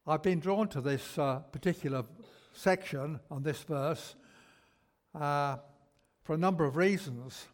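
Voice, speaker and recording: A man preaching a sermon, slow and emphatic, repeating key words for weight. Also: on the high side. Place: church. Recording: long church reverb.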